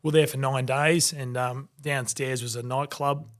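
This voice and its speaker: Australian man, forties, podcast guest, storytelling, mid-pitched voice. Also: unhurried. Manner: animated anecdotes, acting out quoted voices. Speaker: guest, former rugby league player.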